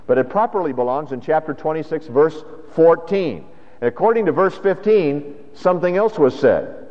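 This male pastor's voice sits a little high and sounds animated as he moves at a normal speed. His sermon is conversational and full of rhetorical questions. The lo-fi church recording is dull and carries a long hall reverb.

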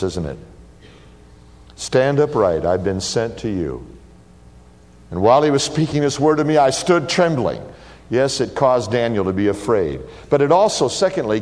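A man preaching a sermon, sweeping from raised declarations to hushed, quiet quotations. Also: fairly low pitch. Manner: expressive preaching, drops to a hushed voice for quoted words. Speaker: pastor. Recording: long hall reverb.

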